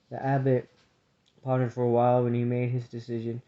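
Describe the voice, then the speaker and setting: Male audiobook narrator, mellow tone, steady pace; muffled lo-fi recording. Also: mid-range voice, fairly quick. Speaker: audiobook reader. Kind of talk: storybook narration. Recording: dull lo-fi recording.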